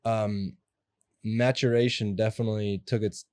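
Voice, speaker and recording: A young adult man telling stories as an interview guest, animated and acting out the voices of people in them. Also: mid-range voice, fairly quick, dry recording. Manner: animated, acts out quoted voices. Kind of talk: casual storytelling interview.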